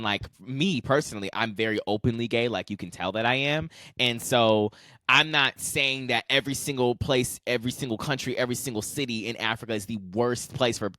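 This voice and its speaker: A man's voice: lowish voice, a bit bright, no echo, clean studio sound. A young man co-hosting a podcast, chatting casually with lots of fillers and easy laughter. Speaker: podcast co-host.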